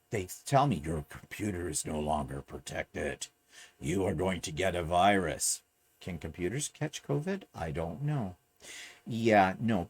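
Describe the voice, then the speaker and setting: A man talking straight to camera in a casual vlog, ranting with exasperated, sarcastic asides. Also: medium pitch. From Canada. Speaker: vlogger. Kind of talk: casual chatty vlog rant.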